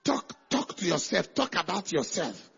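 A man preaching a sermon with emphasis, repeating phrases and swinging from hushed lines to shouted declarations. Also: high-pitched, very animated, measured pace, creaky, breathy edge, lo-fi sound. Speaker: pastor.

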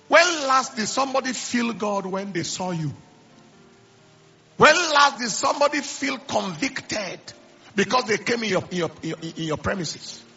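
A man's voice: high-pitched, creaky, pushed and bright, husky. A middle-aged man preaching a sermon, telling stories and repeating phrases, with stammered restarts. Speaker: pastor. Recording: slightly dull lo-fi sound.

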